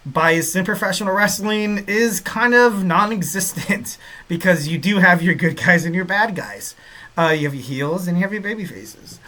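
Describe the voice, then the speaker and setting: A man's voice: high voice, lively intonation, normal speed, bright, forceful tone. A man hosting a wrestling podcast from home in Southern California, talking in a rambling, upbeat, jokey way full of "you know" fillers. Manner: upbeat, jokey and self-deprecating. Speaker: podcast host. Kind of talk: casual podcast monologue.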